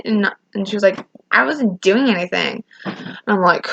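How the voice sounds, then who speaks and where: A woman's voice, medium in pitch, animated and a bit bright, comes at an unhurried pace over a little hiss or hum. A teenage girl vlogs a casual storytime rant, rambling, restarting often, and acting out what people said by quoting them in raised voices.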